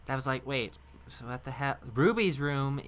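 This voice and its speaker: A young man co-hosting a podcast in casual chat, animated and laughing, quick to slip into impressions while telling stories. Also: medium pitch, slight background noise. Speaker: podcast co-host.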